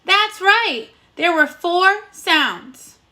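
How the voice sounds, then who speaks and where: A woman teaching a recorded phonics lesson to young children, encouraging them and sounding out words slowly and clearly. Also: extremely high pitch, animated, sharp tone. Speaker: first grade teacher.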